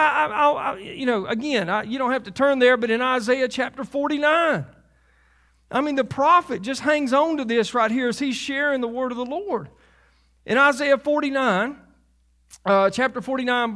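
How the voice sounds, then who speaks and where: A man's voice: extremely high pitch, fairly bright tone. A man preaching a sermon as pastor, conversational, with asides and laughs at himself.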